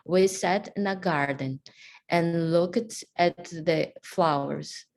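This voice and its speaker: Woman learner, low-pitched, very slow careful reading. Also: a little mellow. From Brazil. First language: Portuguese. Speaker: student. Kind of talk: reading a practice text aloud.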